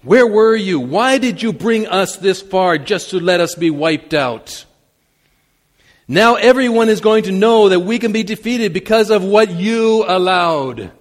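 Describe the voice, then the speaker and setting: A man voicing a desperate leader who cries out to God in loud, accusing pleas. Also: fairly high pitch, very animated, extremely slow, slightly rough, long reverb tail, exaggerated voice. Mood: anguished pleading. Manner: anguished, accusing, loud pleading.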